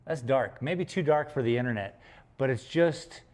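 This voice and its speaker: A man's voice: mid-range voice, normal speed, a little mellow. A man chatting casually on a livestream while he paints, rambling and joking with some swearing. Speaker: painter streaming live.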